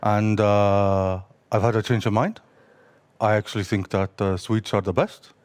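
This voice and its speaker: A man doing a lowered, hesitant impression of a fellow streamer greeting viewers, full of "uh"s. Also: monotone, extremely slow, darkish tone, clean tone, dry recording. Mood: mock-sincere. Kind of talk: comedic impression among friends.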